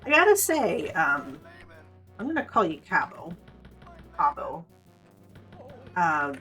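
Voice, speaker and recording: Female streamer, 30s, low-set voice, profane and rambling gameplay chatter over soft game music. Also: sing-song, measured pace, long pauses. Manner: profane, rambling, candid storytelling. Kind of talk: casual gameplay commentary.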